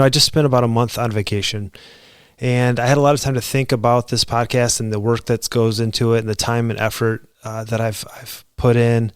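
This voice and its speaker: A man's voice: mid-range voice, smooth, dry recording, clean studio sound. A man hosting his own podcast, speaking earnestly and gratefully to listeners in an unscripted solo monologue with frequent fillers and restarts. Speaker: podcast host.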